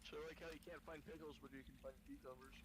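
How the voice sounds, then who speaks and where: A man chatting casually on a stream call, agreeable and quick to chime in. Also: on the high side, fairly even intonation, a crowd in the background. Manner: agreeable, lots of yeahs and mm-hmms. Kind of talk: casual group chat on a call.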